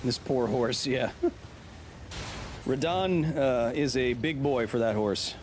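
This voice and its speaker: A man's voice: medium pitch, slow, a little hiss or hum. A man hosting a live game stream, joking around and chatting with viewers as he plays. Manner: playful, jokey, chatting with viewers. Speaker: gaming streamer and host.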